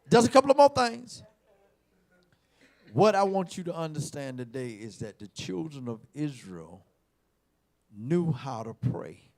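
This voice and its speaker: Male preacher, gravelly and high, big swings, unhurried delivery, shouts then drops low. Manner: emphatic, repeats words, swings from shouts to low asides. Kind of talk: sermon.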